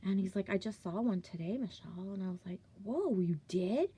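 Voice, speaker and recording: This woman from Ontario, Canada speaks quickly at a medium pitch, her tone steady and mellow with a breathy edge. She tells a personal story in a casual vlog, swearing heavily, leaning on "like," and sometimes dropping to a whisper.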